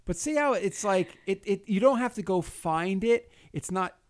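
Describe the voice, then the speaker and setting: A man co-hosting a crude podcast, teasing and joking with quick asides. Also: high voice, animated. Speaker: podcast co-host. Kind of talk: casual crude podcast banter.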